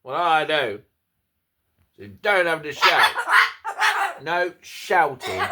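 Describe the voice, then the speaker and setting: A man's voice: on the high side, animated, takes it slowly, pauses often, noisy background. A man talking to his pet bird at home, teasing and scolding it and swearing casually. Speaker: pet owner vlogger. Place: indoors at home. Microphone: phone camera held close.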